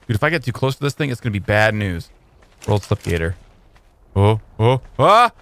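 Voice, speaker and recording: A young man giving casual let's-play commentary, excitable and playful, chatting with his in-game creatures in slang. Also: fairly low pitch, brisk. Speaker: gaming YouTuber.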